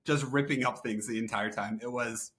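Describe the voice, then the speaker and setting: A man's voice: medium pitch, steady tone, normal speed, a bit bright. A man hosting a podcast interview, chatty and jokey, riffing along with his guest. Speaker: podcast host.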